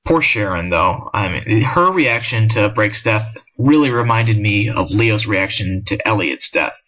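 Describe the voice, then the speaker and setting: Bright-voiced young man rambling about comics. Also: on the low side, expressive, measured pace, rough recording. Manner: rambling, frequent restarts and fillers. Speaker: manga discussion vlogger. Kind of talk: casual spoken review.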